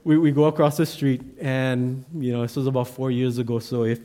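A man's voice: mid-range voice, flat delivery, a little fast, warm tone. A man, an assistant pastor, telling a personal story in a sermon with self-deprecating humor.

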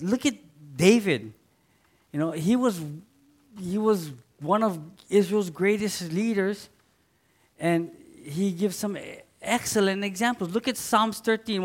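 A man preaching a sermon in an earnest way, rising to loud emphatic readings and dropping to soft asides. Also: sits high.

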